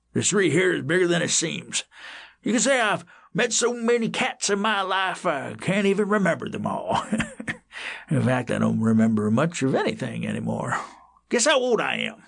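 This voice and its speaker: A man's voice: fairly high pitch, very animated, normal speed, creaky, fairly bright tone, slightly rough, pitched above the performer's own voice, full character voice. A man doing a rambling forgetful old cat. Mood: chatty. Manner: rambling, repeats himself, teasing. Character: forgetful chatty old male house cat.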